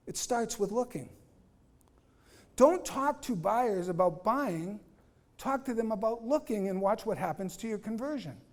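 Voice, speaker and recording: A man speaks to a room of real estate agents in a lively, punchy way. He acts out dialogues and throws questions back at the audience, sometimes blunt and profane. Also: sits high, measured pace. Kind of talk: live training talk to agents.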